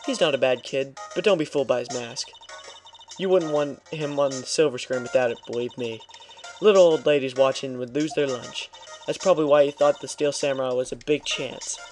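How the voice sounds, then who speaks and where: A man's voice: mid-range voice, a little fast, darkish tone, faint music behind, close to an everyday voice. A man voicing a bossy, gossipy old woman security guard in a video game read-through, talking in a nagging, self-important way.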